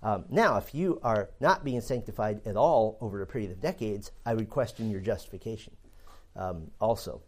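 A man's voice: on the low side, normal speed. A man giving a theology lecture in an earnest, explanatory way, often restarting phrases with fillers. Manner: earnest, repeats words while thinking, many fillers. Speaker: theology teacher. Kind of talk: classroom lecture.

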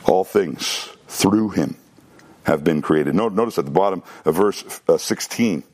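A man preaching an expository sermon in an emphatic teaching manner, rushing through asides and slowing down to stress key phrases, often repeating himself for emphasis. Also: low voice, a little mellow. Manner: emphatic, shifting between quick asides and slow stressed phrases. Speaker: pastor.

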